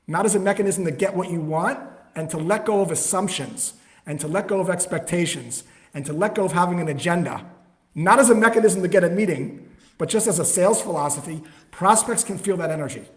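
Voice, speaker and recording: A man with a fairly high voice talks through prospecting calls in a relaxed, conversational podcast style. He acts out both the caller and the prospect with lively energy. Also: a little fast. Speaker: sales trainer, guest. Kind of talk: conversational explaining with acted call examples.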